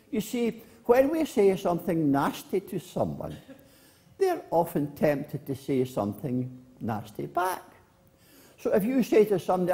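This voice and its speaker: Minister, children's talk, slow and lively in pitch, mellow tone, church. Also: male voice. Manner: slow, gentle storytelling. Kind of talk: children's address.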